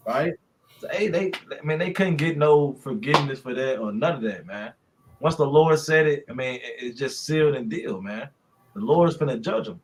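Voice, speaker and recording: A man's voice: medium pitch, normal speed. A man in a casual scripture discussion, blunt and punchy, often checking in with "right?". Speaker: class member.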